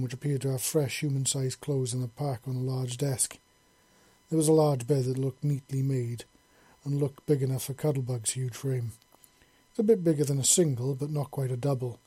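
A man's voice: mid-range voice, warm tone, breathy edge, no room sound. A man reading a story aloud in a plain way, with small slips and restarts.

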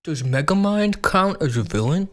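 A young man hosting a podcast in casual chat, hesitant and quick to laugh. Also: on the high side, lively intonation, fairly bright tone. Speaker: podcast host.

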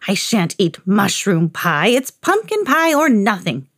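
A woman voicing a grumpy eight-hundred-year-old magical old man in a storybook, croaking and drawn out. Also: medium pitch, big pitch swings, measured pace, a bit bright, no room sound, studio quality, exaggerated voice. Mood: whiny.

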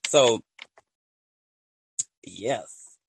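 A man hosting a casual solo podcast, rambling and excitable, full of slang and often laughing at his own stories. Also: mid-range voice, very slow, gravelly, noisy background. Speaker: podcast host.

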